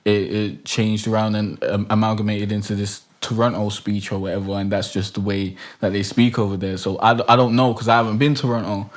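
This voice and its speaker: A man's voice: on the low side, level tone, brisk, few pauses. A young man hosting a podcast, chatting casually in a loose, rambling way full of fillers and hesitations. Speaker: podcast host. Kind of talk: casual chat.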